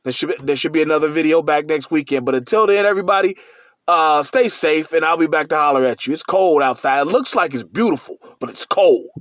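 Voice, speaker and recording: A man with a notably high-pitched voice delivers a casual solo rant as a podcast host. He talks bluntly and profanely, circling back and repeating himself. The sound is dry, with no room echo. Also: fairly quick.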